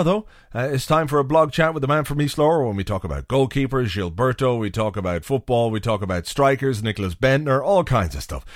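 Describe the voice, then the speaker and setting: Chatty football podcast host. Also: male voice, mid-range voice, no room sound, studio quality. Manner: chatty, upbeat, with frequent fillers.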